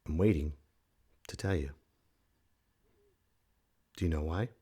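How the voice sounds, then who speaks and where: A man in his thirties hosting his own podcast, talking loudly and casually in a rambling, jokey way with sudden shouted bits. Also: rumbling low, takes it slowly, a little hiss or hum. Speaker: podcast host. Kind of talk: casual solo podcast monologue.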